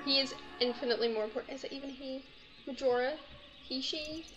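A young woman, a gaming YouTuber, chats casually while playing, gushing and cooing at a pet in baby talk. Her voice sits high and she talks quickly. The audio is slightly dull, with game music in the background.

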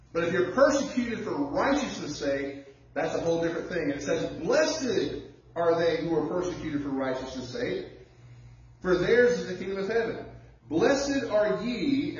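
A man's voice: high voice, slight background noise. Man preaching in a distant echoey church. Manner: conversational preaching with personal stories, drawling slow emphasis. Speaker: pastor. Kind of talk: sermon. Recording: echoey church heard from far off, dull sound.

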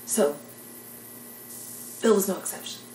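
A woman's voice: a little slow, dark tone, echoey room, far from the mic, slight background noise, low-quality recording. An older woman telling jokes and rambling stories in a chatty, self-deprecating way. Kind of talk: casual storytelling monologue.

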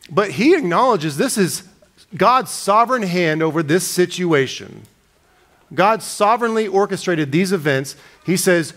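Man, preacher, sermon, fairly high voice, expository, dramatic scripture reading. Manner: expository preaching, reads scripture aloud with slowed dramatic emphasis.

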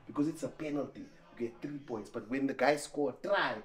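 A man excitedly cheering and explaining the rules while watching a match, in an exuberant, teasing manner. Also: medium pitch, fairly quick, faint music behind.

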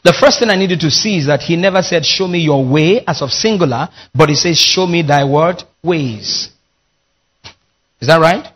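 A man preaches with a raised, husky voice. He works as a pastor, leading his congregation through call-and-response lines. His delivery is emphatic. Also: a little high, moderate pace, fairly bright tone. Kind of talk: sermon.

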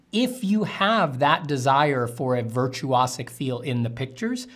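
A man, an artist streaming while drawing, answering chat questions in a candid, rambling way with casual swearing. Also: mid-range voice.

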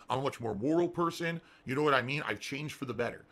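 A man's voice: mid-range voice, fast, vocal fry, hardly any pauses, a bit bright. A middle-aged man streaming live, ranting and at times sarcastic as he talks to his viewers. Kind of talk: livestream talk.

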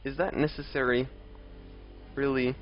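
A young man's live gameplay commentary comes in a medium pitch with a level tone, a little slow. He chats with viewers, reads out and answers chat, and grumbles with exasperation at enemies. Faint game music sits beneath the dull lo-fi stream audio.

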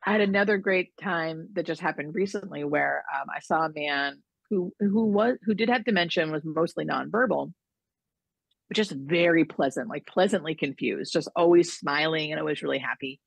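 A woman's voice: low voice, normal speed, creaky, husky, no echo. A woman who is a hospice nurse, telling stories in a chatty interview, full of likes and you-knows and acting out quotes. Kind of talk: casual interview storytelling.

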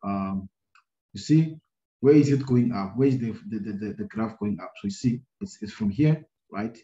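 A maths teacher with a low, mellow voice works through a problem for his students in a screen-recorded lesson, thinking aloud with lots of ums and repeated "right?" checks. His intonation is lively and his pace moderate. The recording sounds dull and lo-fi, in a roomy space.

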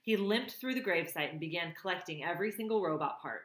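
A woman reading a novel aloud, sometimes pausing to comment on the story. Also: fairly low pitch, expressive, echoey room. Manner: pauses to comment on the plot. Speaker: reader.

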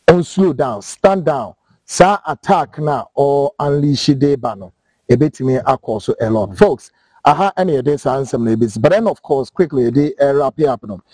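A man's voice: on the high side, warm tone, dry recording. A Ghanaian man hosting a political talk show, speaking emphatically and repeating words as he builds his points. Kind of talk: political discussion, mixing English and Twi.

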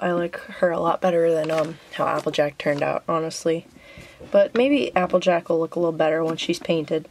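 A woman's voice: fairly low pitch, a little hiss or hum. A young woman vlogging casually, chatty and giggly, with lots of ums and a slight Southern US accent. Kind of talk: casual vlog.

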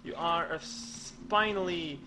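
A young man giving rambling, goofy game commentary in a deadpan way, with many stammered restarts. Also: on the high side, takes it slowly, noisy background. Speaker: let's play commentator.

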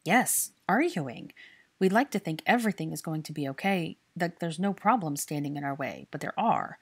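A woman's voice: sits low, big pitch swings, normal speed, husky, exaggerated voice. A woman voicing an anxious, earnest young man in love, talking in an urgent, pleading way.

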